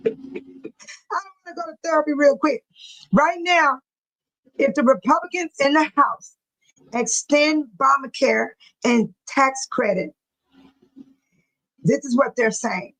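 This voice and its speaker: A woman's voice: sits high, takes it slowly, pauses often, fairly bright tone, rough recording. A woman hosting a live chat, reading viewer comments aloud and often breaking into laughter, speaking in a folksy, churchy way. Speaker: livestream host.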